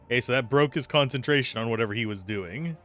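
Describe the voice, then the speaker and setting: A man's voice: medium pitch, fast, fairly bright tone. A man giving casual, wry commentary while playing a game. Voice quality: chatty, wry, self-amused. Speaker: game streamer.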